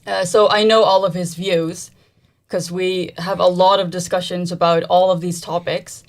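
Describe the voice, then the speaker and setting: A woman's voice: on the low side, little pitch movement, normal speed. A woman from the Netherlands, a native Dutch speaker whose English has an American-trained sound with a slight Dutch accent, co-hosting a casual livestream and hedging often. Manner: soft-spoken, hedging with "like" and "I think". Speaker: host's wife, co-host.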